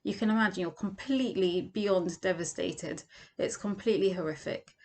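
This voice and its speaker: A woman's voice: on the low side, normal speed, a little mellow. A woman teaching a Torah lesson as a vivid second-person story, acting out the quoted lines.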